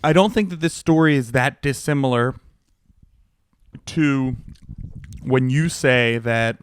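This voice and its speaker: A man co-hosting a podcast, telling an animated, profane story in casual chat. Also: mid-range voice, slow pace, smooth, no room sound, clean studio sound. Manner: animated storytelling, heavy swearing. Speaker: podcast co-host.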